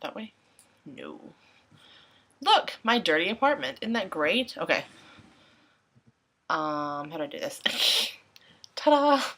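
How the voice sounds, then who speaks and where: A chatty young woman talks into her laptop camera at home, her bright voice leaping up and down with a gravelly edge at the ends of phrases. She rambles, corrects herself and slips into little quoted asides. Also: fairly low pitch, big pitch swings, slow, pauses often. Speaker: English teacher in Japan. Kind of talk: casual vlog chat. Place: her apartment at night. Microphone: laptop webcam.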